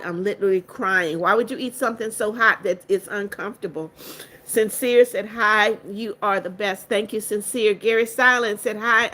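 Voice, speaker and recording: With a mid-range, fairly bright voice, an older woman hosts a relaxed livestream. She reads each viewer comment aloud and responds with motherly greetings and blessings, yet stands firm against rude ones.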